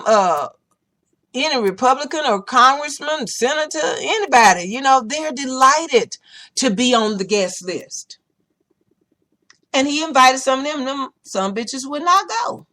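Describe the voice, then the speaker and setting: A woman hosting her own talk podcast, blunt and profane, with a bright, forceful voice pitched a little high. She tells animated stories in a loose, casual way. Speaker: podcast host. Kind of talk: casual opinion talk show. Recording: podcast recording.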